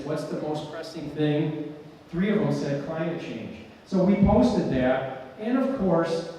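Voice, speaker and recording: A man, an architect, giving an animated talk at an event, telling stories and sometimes shouting and laughing. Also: on the high side, a little hiss or hum. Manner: animated storyteller who shouts and laughs at slides. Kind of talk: conference presentation. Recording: echoey hall from far off.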